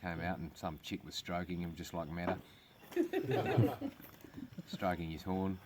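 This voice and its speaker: In a very noisy recording outdoors on a farm, an Australian comedian swears constantly while telling crude stories in casual chat. His voice is low-pitched and steady in tone, and his pace is a little slow.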